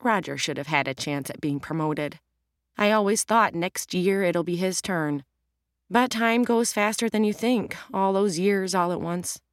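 A woman's voice: on the low side, measured pace, no echo, studio quality, natural voice. A woman reading an audiobook, voicing a middle-aged wife and mother who speaks in a reflective, earnest way. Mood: wistful.

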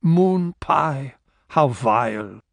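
A narrator voices a composed killer who speaks slowly and quietly. The menace stays cool and controlled, and the close recording has almost no room sound. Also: male voice, medium pitch, expressive, creaky, no room sound, heavily acted. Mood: coldly menacing. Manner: slow, quiet, coolly menacing. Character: cold, calm male interrogator and killer.

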